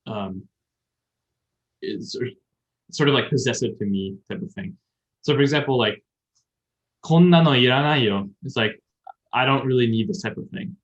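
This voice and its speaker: This Japanese-teaching podcast host has a husky, lowish voice and speaks at normal speed with long pauses. He works through grammar in a long, casual explanation, thinking out loud, and the audio is dull and lo-fi.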